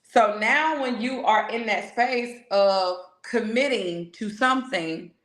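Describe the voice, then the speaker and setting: A woman giving a casual spiritual pep talk as a reader, frank and a bit profane, slowing right down to stress key words. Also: fairly high pitch. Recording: echoey room.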